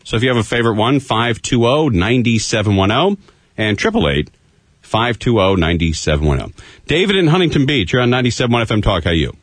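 A man's voice: medium pitch, fairly quick, dry recording. A man hosting a radio talk show, chatting loosely and laughing often. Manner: laughing, loose, animated banter.

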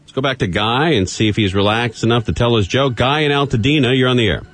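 A man hosting a live call-in radio show, brisk and wisecracking. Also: medium pitch, fairly bright tone. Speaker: radio talk show host.

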